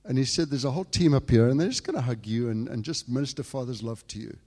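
An English man delivers a sermon in a large hall, speaking fast at medium pitch. He tells a personal story, swinging from hushed, quiet passages to loud, fervent outbursts.

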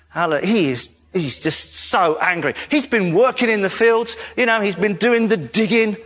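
A male preacher giving a jokey, animated sermon in a church hall. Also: sits high, moderate pace. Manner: animated, jokey, laughs often. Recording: reverberant hall.

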